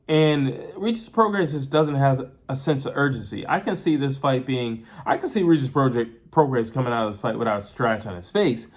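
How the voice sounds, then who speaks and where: A man's voice: medium pitch, expressive, moderate pace, hardly any pauses. A man giving a casual boxing fight breakdown, chatty, with frequent fillers and restarts. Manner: chatty, repeats and restarts often, uses filler like "you know". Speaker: boxing commentator.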